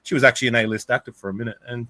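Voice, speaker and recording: Bright, dry-voiced teasing male guest. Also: mid-range voice, steady tone, rapid-fire, no room sound. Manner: teasing, plugs his own show. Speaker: guest streamer. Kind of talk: casual live-stream chat.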